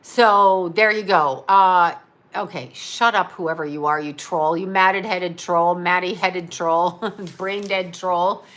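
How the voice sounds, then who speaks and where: A woman's voice: on the low side, steady tone, slow, fairly bright tone. A middle-aged woman ranting to camera in a blunt, profane, rambling monologue, often cracking herself up. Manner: crude, rambling, laughing at her own jokes. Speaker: vlogger.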